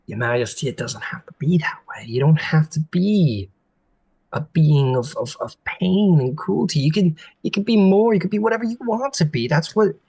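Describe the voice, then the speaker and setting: A man's voice: on the high side, lively intonation, moderate pace, creaky, a little mellow, breathy edge, dry recording, voice pushed up, exaggerated voice, poor audio. A man voicing a nervous, talkative male Iron Fey envoy who pleads in a strained, raised voice. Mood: pleading.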